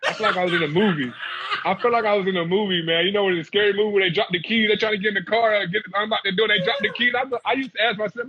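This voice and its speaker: Animated man telling a story, lo-fi. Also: sits high, racing. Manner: animated, laughs, acts out quotes. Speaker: guest, former football player. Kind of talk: casual storytelling.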